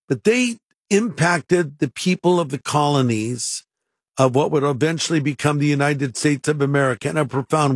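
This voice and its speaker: A man's voice: fairly high pitch, no echo, studio quality. An older man, a pastor on a radio program, earnestly leading a prayer and talking about faith and history. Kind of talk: radio sermon and pitch talk.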